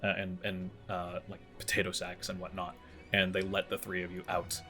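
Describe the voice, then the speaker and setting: A low-voiced man runs a tabletop game, explaining rules and narrating the scene. He stumbles over his words with frequent fillers and restarts. Faint music plays behind him. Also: monotone, moderate pace, pushed and bright. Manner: hesitant, many fillers and restarts. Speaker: game master.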